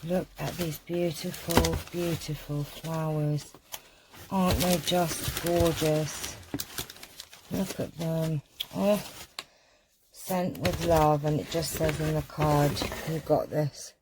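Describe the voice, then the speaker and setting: A crafting vlogger gives a casual craft tutorial at home, chatting in a warm-hearted, gushing and rambling way. Her deep voice is steady and slow, with background noise present.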